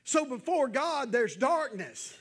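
A man preaching, with a voice that sits unusually high for a man. His delivery is folksy and conversational, and it rises into fervent, raised appeals to his church congregation. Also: big pitch swings, slow pace, slightly rough. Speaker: pastor. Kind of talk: evening sermon to a church congregation.

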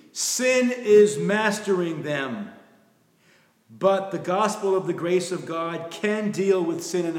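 A man preaches a sermon in a church, earnest and soft-spoken, often falling to a hushed emphasis. His voice sits a little high for a man. The sound is roomy, with a long reverb trailing behind. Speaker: pastor. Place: church sanctuary. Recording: echoey room with long reverb.

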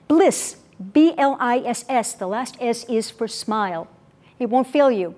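Woman, middle-aged, motivational speaker, fairly high voice, mellow tone, emphatic repetition, live audience talk. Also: measured pace. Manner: emphatic, repeats key words for effect; lively, coaxes the audience to join in. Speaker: public speaking coach. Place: event venue with an audience.

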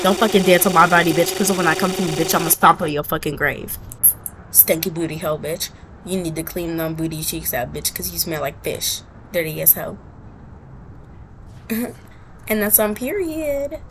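A woman's voice: lowish voice, a little slow, pauses often, very noisy. A woman giving gameplay commentary, trash-talking opponents in a brash, profane and dramatic way. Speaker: gaming video creator.

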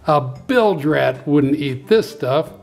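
A man voicing a blustery male pirate captain in a children's storybook reading, with gruff pirate talk and faint music behind. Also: on the high side, animated, takes it slowly, full character voice. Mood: disgusted. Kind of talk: storybook read-aloud.

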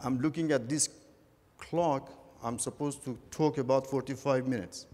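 A man giving a conference talk, halting and earnest, often repeating words as he goes. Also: medium pitch, fairly even intonation, warm tone. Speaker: conference speaker. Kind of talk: lecture on religious history. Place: large conference hall. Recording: echoey conference hall.

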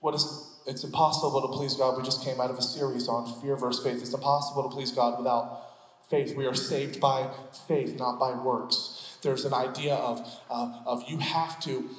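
A man's voice: medium pitch, flat delivery, moderate pace. A male pastor preaching a sermon, joking and acting out scenes in funny voices before going back to teaching. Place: church sanctuary. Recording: echoey hall, long reverb.

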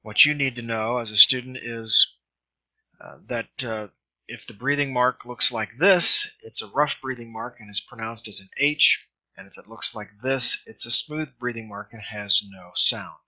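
A middle-aged man teaching in a recorded lesson, speaking slowly and carefully as he drills pronunciation. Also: medium pitch, sharp tone. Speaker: Greek teacher. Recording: dull lo-fi screen recording.

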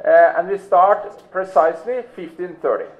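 High-voiced man making event announcements. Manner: matter-of-fact, pausing on fillers. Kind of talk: practical announcements. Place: large hotel ballroom. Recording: tinny phone-like recording.

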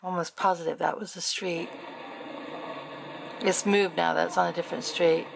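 A woman's voice: lowish voice, fairly even intonation, normal speed, vocal fry, slight background noise. A middle-aged woman from England chatting casually in her vlog, amused as she reacts to clips. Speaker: vlogger.

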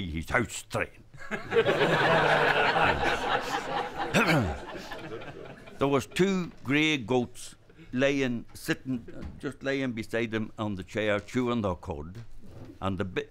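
An older man with a Donegal Irish accent telling a traditional story live. He talks in a lively way and acts out voices and gestures. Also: on the low side, noisy background. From Ireland, Inishowen area.

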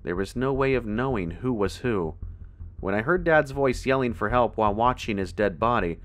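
A man narrating a first-person horror story in a tense, measured way. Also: mid-range voice.

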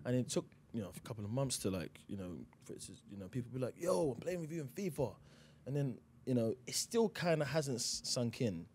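A man's voice: mid-range voice, a little fast, hardly any pauses, a little mellow, slight background noise. A man with a South London accent, a guest chatting casually in a radio interview and rambling with lots of "you know". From England. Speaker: actor guest.

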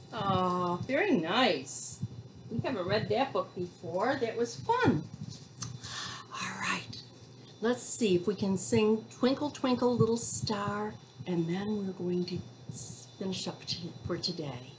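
A woman hosting a program for young children, reading a picture book aloud in a sing-song, animated way and explaining words as she goes. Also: mid-range voice, takes it slowly, faint music behind.

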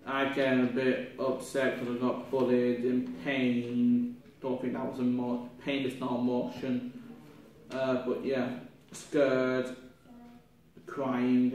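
A young man, a drama student, reflecting aloud on his performance in a halting, rambling way with many restarts, sounding ill with a cough. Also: mid-range voice. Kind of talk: spoken self-reflection. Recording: echoey room from far off, faint noise.

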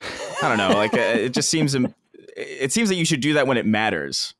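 Co-hosting a podcast, this man chats casually, rambling with many restarts and laughing frequently. His medium-pitched voice is animated and fairly bright at a normal speed, captured in clean studio sound with no room noise.

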